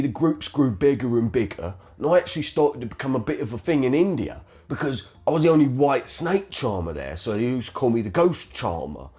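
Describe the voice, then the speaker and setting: A man's voice: medium pitch, a little mellow, lightly acted. A man with a South London accent playing a crude, boastful male snake charmer who swears constantly in an improvised comedy sketch. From London, England. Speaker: guest.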